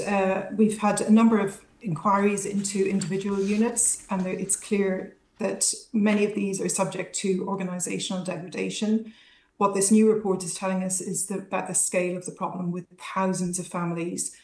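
A woman's voice: medium pitch, level tone, moderate pace, darkish tone. Woman professor on a news interview, roomy echoey sound, mid voice, lots of uh and restarts. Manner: thoughtful, analytical, with frequent fillers and restarts. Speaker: academic guest, healthcare researcher.

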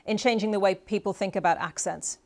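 A woman hosting a broadcast interview, putting questions to guests with measured, slightly hesitant delivery. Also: medium pitch, steady tone. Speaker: radio host.

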